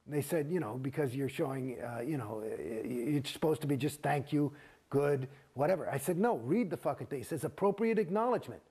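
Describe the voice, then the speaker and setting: Gravelly, profane man telling a heated story. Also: medium pitch, a little fast. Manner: profane, animated, gets heated and acts out quoted exchanges. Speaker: actor telling his story as a podcast guest. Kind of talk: candid storytelling interview.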